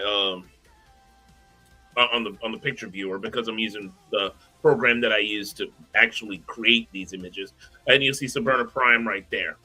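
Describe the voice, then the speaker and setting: A man's voice: mid-range voice, sharp tone. A man co-hosting a livestream, chatting casually and rambling with many uhs and repeated words. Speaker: co-host sharing his screen.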